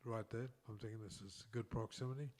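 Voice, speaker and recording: A man's voice: fairly low pitch, steady tone, fast, darkish tone. An older man with an Australian accent, co-hosting a casual chat and telling long, rambling anecdotes with many restarts and chuckles. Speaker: co-host telling stories.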